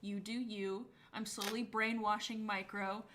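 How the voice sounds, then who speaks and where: A woman's voice: mid-range voice, flat delivery, unhurried, fairly bright tone, a little hiss or hum. A woman co-hosting a casual podcast chat, exasperated and sarcastic as she reacts to what they read. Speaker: podcast co-host.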